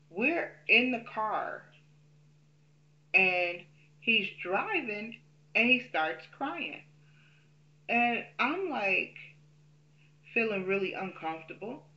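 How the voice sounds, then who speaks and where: A woman's voice: lowish voice, sharp tone, highs cut off. A woman telling a personal story in a casual, candid way, with frequent um fillers.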